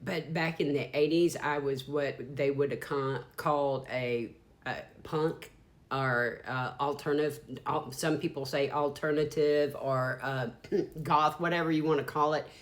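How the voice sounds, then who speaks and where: A psychic tarot reader from the Deep South, a woman in her fifties with a Southern US accent, gives a channeled reading that rambles and is frank, sometimes profane. Her voice sits low, with fairly even intonation and a slightly slow pace.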